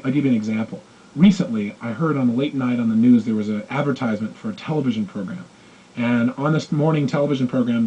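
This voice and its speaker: A man giving a motivational talk, telling stories with animated delivery and acting out the voices of the people in them. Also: mid-range voice, husky. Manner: animated, acts out quoted voices. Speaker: motivational speaker. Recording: dull lo-fi recording.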